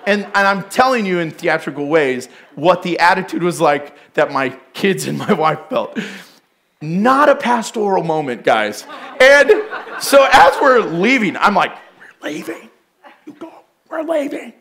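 A man's voice: sits high, sing-song, a little slow, fairly bright tone. A middle-aged male pastor preaching a sermon, telling candid, self-deprecating stories with bursts of laughter.

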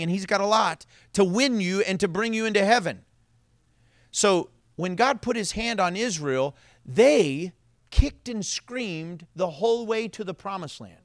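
A man's voice: high-pitched, lively intonation, moderate pace, fairly bright tone, dry recording, studio quality. A man preaching a sermon as pastor, telling stories animatedly and laughing often.

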